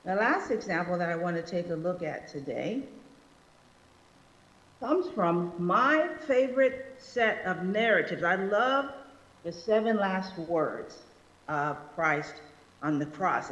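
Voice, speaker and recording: Woman preaching in an echoey hall. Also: lowish voice. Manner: animated, slows for emphasis, acts out quotes. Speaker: guest speaker. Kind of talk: sermon. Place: church sanctuary. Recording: echoey hall, slightly dull sound.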